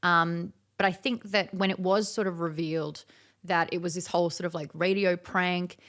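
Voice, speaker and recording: A woman guest in an interview, chatting casually and telling stories with animated, acted-out quotes. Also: on the low side, moderate pace. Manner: animated storyteller who acts out quoted dialogue.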